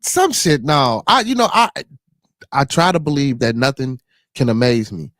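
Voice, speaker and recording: A man with a Chicago accent telling stories and chatting on a podcast, animated and profane, with lots of restarts. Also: mid-range voice, moderate pace, no echo, clean studio sound, soft background music. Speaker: podcast host. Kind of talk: casual chat.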